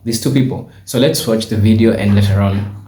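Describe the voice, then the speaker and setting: A man's voice: fairly low pitch, fairly quick, mellow, roomy sound. A man from Kenya hosting a reaction commentary, questioning and hesitant, with many fillers. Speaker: host.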